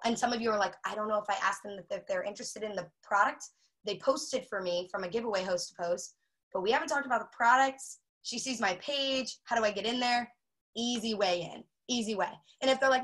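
Speaking a little fast in a medium-pitched voice over poor audio, this woman runs a relaxed sales training session, lively and talkative, full of fillers as she role-plays customer exchanges.

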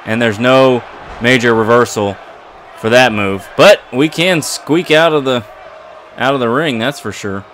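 A man commentating his own wrestling video game play, excitable and trash-talking his opponent. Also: medium pitch, a little slow, a faint crowd, a little hiss or hum. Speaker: gaming commentator.

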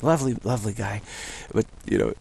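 A man's voice: fairly low pitch, brisk, darkish tone, breathy edge. A man giving a rambling spiritual talk at home, repeating himself and chuckling as he goes. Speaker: spiritual teacher. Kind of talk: casual spiritual monologue. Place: at home, self-taped.

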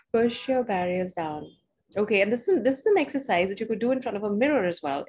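Woman, life coach, guided live exercise, soothing and repetitive, medium pitch. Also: a little mellow, slight background noise. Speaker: money coach.

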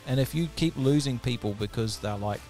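Energetic New man hosting a podcast. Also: mid-range voice, fairly quick, over music. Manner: energetic, acts out quoted voices. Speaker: podcast host. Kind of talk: casual podcast chat.

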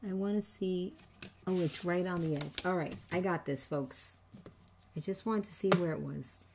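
A woman's voice: fairly low pitch, moderate pace, vocal fry, background noise. A middle-aged woman hosting a papercraft tutorial, chatting with viewers and teasing herself about nervous mistakes. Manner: chatty, self-teasing, nervous jokes to her audience. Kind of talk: casual crafting demo, talking to viewers.

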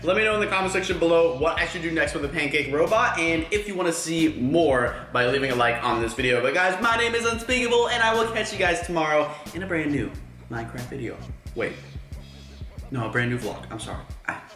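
A young man hosting a casual vlog, playful and excitable as he chats with his viewers. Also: a little high, a little fast. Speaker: YouTube vlogger. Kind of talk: casual vlog talk to camera. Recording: roomy echo with music bed.

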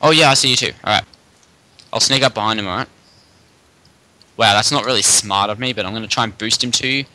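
A young man talking through a video game match, excitable and prone to sudden bursts. His voice is very bright and forward, pitched a little low for a man. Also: quick pace, pauses often, dry recording, rough recording. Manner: excitable, laughs and chants in bursts. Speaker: gamer. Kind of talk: casual gaming commentary.

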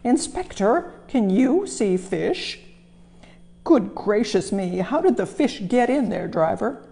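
A woman voicing a loud, hearty male railway boss while reading a storybook aloud. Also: fairly low pitch, expressive, measured pace, creaky.

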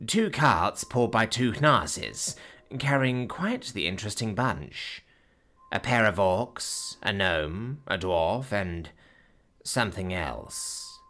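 A man's voice: deep voice, a bit bright. A man narrating a fantasy story, doing the characters' lines in his own voice.

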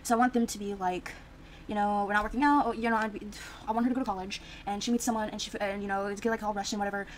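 A woman's voice: mid-range voice, steady tone, very fast, a little hiss or hum, poor audio. A young woman casually commenting on her life-sim gameplay, chatty and reacting aloud as she plays, with lots of fillers. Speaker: Sims gameplay streamer.

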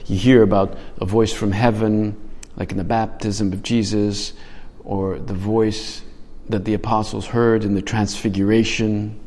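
A man's voice: on the low side, level tone, a little slow, a little mellow. Man preaching a reflective homily, long reverb. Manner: reflective and conversational, often restarting phrases. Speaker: priest.

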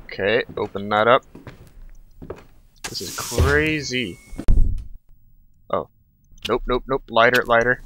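A young man commentating his own horror game playthrough, muttering nervously while exploring and yelling in panic when chased. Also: mid-range voice, slow, long pauses, slight background noise, rough recording. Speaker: gaming channel host.

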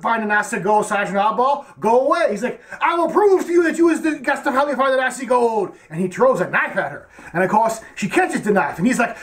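A man putting on a goofy dimwit, very high voice, rambling, broken grammar, stammering. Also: fairly bright tone, full character voice. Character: goofy dim-witted young man, Kelvin, rambling film buff. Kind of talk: comedic character sketch.

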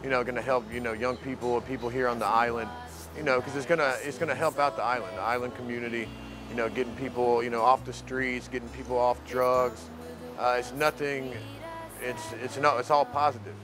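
A man's voice: mid-range voice, steady tone, fairly quick, music in the background. A man from the mainland talking loosely in an interview about his work with the program, rambling and leaning on filler phrases. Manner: loose, rambling, leans heavily on "you know". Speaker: program resident and volunteer. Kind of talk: casual interview talk.

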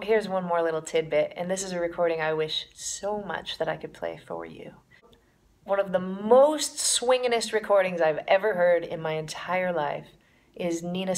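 A woman's voice: fairly low pitch, darkish tone. Enthusiastic woman teaching jazz piano. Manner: enthusiastic, demonstrates by counting and scatting rhythms. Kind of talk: casual music lesson. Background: piano playing.

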